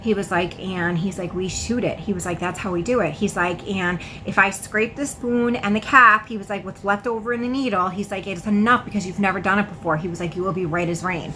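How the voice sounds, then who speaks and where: A woman's voice: medium pitch, fairly even intonation, a little fast, few pauses, pushed and bright, a little hiss or hum. A woman telling her own story in a candid, casual way, swearing freely and saying "like" often.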